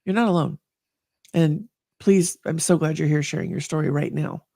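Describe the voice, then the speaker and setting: A woman guest telling her story in a candid conversation, earnest and animated. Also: low voice, moderate pace, gravelly, husky, no room sound, clean studio sound.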